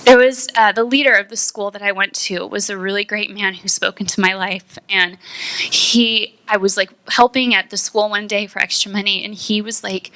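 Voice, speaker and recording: Bright-voiced young woman giving testimony. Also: mid-range voice, moderate pace, dry recording. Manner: chatty, with many fillers and lively acted-out quotes. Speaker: speaker sharing a testimony. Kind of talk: personal testimony talk. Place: room with a small audience.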